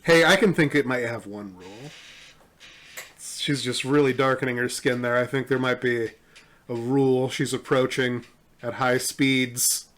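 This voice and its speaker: A man's voice: mid-range voice, a little slow, a bit bright. A man co-hosting a podcast in casual chat, reading memes aloud with a wry, amused manner and frequent laughs. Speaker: podcast co-host.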